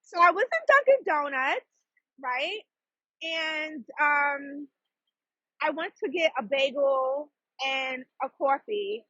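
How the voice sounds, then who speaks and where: A woman, hosting her own podcast and telling a story in a fast, chatty way, with laughs and asides to her listeners. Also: sits high, animated, sharp tone, no echo, highs cut off. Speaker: podcast host and psychic. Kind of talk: casual storytelling monologue.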